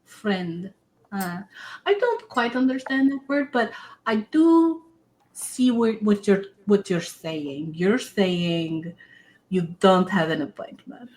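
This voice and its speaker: A woman's voice: mid-range voice, darkish tone, natural voice. A woman voicing a stern, no-nonsense older female receptionist in a tabletop game, curt and dismissive. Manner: curt, dismissive, drawn-out "hmm".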